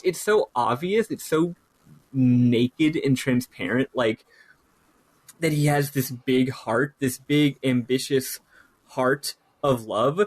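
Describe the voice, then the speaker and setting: A man's voice: mid-range voice, no echo. Rambling man with a dry, close sound. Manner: rambling, many fillers and restarts, animated. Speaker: podcast co-host. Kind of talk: casual chat about a TV show.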